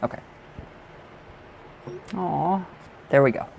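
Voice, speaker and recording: Chatty male tarot reader on a home live stream, mid pitch, faint room noise. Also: moderate pace, a little mellow, low-quality recording. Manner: chatty, affectionate, laughs often.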